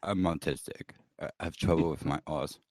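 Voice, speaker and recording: A man doing a slow, low, drawling impression of a stuffy man with trouble saying his R's, as a comedy bit. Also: steady tone, darkish tone, no room sound. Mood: deadpan. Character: stuffy man with a speech impediment, lofty.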